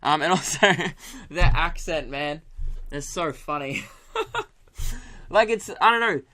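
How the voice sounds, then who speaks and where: Young Australian comic host, bright, slightly high voice, animated and profane. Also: male voice, slow. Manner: animated, swearing, laughing, doing impressions. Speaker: podcast host. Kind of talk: solo comedic podcast rant.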